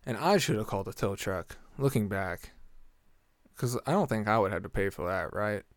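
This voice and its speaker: A man's voice: lowish voice, normal speed, dry recording. A man telling a story casually, swearing a lot, laughing often and acting out the exchanges. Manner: animated retelling, acting out exchanges.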